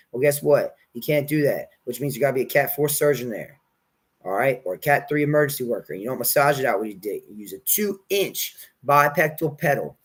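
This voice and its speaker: A man's voice: medium pitch, slightly rough, low-quality recording. A man talking in a rambling, commanding monologue, giving orders and swearing.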